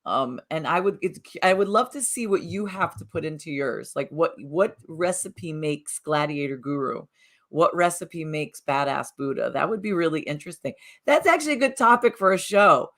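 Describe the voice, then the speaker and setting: A woman's voice: sits low, lively intonation, moderate pace, fairly bright tone. Chatty woman co-hosting a morning chat. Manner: chatty, rambling, upbeat self-promotion. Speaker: co-host. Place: Southern Connecticut.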